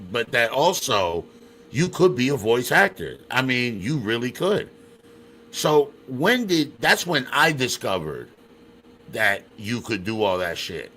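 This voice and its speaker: A man's voice: mid-range voice, sharp tone, slight background noise. Laid-back, slangy male podcast host. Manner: laughing often, swearing, loose slangy phrasing. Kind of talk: casual interview chat.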